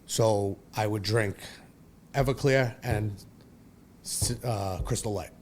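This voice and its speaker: A man in his forties with a low voice tells his own story as a guest on a talk show. He is blunt and profane and rambles through restarts and fillers. A faint hiss sits under the recording. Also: takes it slowly, a little mellow. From Brooklyn, New York. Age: 40s. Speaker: podcast guest. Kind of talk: candid personal storytelling.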